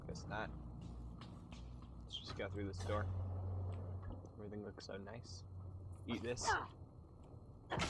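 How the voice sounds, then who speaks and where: A man hosting a gaming channel, talking through a game in a casual let's-play commentary with crude, sarcastic jokes. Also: fairly low pitch. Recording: noisy background.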